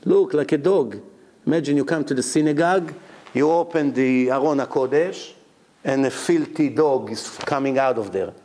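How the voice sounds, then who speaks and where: A man, a rabbi, giving a Talmud lecture, telling the story with lively rhetorical questions and explaining terms as he goes. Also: mid-range voice, moderate pace.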